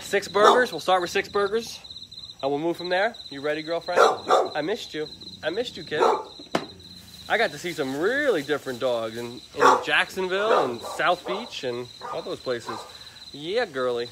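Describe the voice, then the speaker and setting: A man's voice: on the high side, lively intonation, normal speed, heavy background noise. A man from Florida chatting on a live stream outdoors at an animal shelter at night, upbeat and repeating himself, with crickets and barking dogs behind. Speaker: livestreaming animal shelter advocate. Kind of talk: casual live-stream chat.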